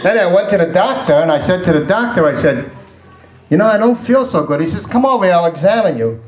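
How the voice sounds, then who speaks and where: A man's voice: sits high, lively intonation, fast, reverberant, dull audio. A man doing a stand-up routine of one-liners, chuckling at his own jokes. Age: 60s. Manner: laughs at his own jokes, sighs "terrible". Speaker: stand-up comedian.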